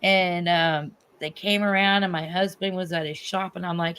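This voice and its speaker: A middle-aged woman hosting a livestream, telling a story in a casual, animated and profane way. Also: on the low side, moderate pace, hardly any pauses, smooth. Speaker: livestream host.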